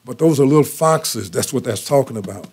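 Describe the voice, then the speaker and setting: An older man preaches to his congregation in a folksy storytelling way. He leans on repeated phrases to drive home each point. His pitch sits in the ordinary middle for a man. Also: lively intonation, fairly quick, darkish tone, husky. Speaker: pastor. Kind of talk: sermon.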